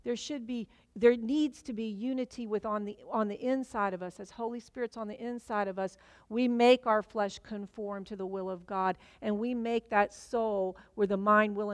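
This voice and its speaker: A woman's voice: mid-range voice, dry recording. A middle-aged woman preaching a sermon in a loose, conversational way, with many fillers and restarts.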